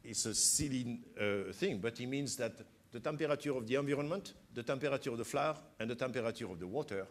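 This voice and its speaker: A man's voice: medium pitch, quick pace, hardly any pauses. An older man from France with a French accent, a chef explaining things in an interview, often adding "you know". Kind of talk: interview conversation.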